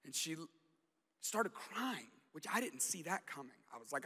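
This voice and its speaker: High bright-voiced man preaching. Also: normal speed, husky. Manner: animated, self-deprecating storytelling with restarts. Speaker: guest pastor. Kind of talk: storytelling sermon. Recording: long hall reverb.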